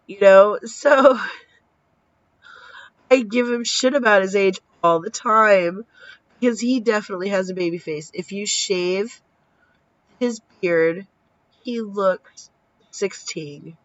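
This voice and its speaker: A woman's voice: medium pitch, takes it slowly, long pauses, dry recording. A woman in her thirties telling a story in a casual vlog, acting out the dialogue and swearing casually, tired from little sleep. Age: 30s. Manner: animated, acts out quoted dialogue, swears casually. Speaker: vlogger. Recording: dull lo-fi sound.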